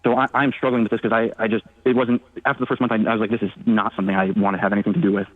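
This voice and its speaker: A man in his early thirties calling in to an advice show, speaking quickly but haltingly, with a lowish voice. The sound is a tinny phone line, dry and close. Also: little pitch movement. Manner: hesitant, halting, many ums. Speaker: caller.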